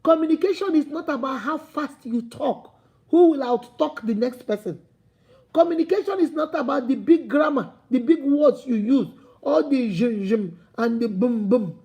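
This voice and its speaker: A woman relationship coach giving an animated, preachy vlog talk, speaking straight to her viewers as sister and brother and acting out quoted dialogue. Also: high voice. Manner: acts out quoted dialogue in playful voices. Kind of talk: motivational vlog talk to camera.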